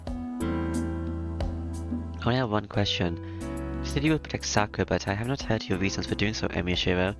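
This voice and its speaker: A man reading aloud and voicing a calm, formal young woman servant who speaks politely and in measured phrases. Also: on the low side, natural voice. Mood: reserved. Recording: music playing behind.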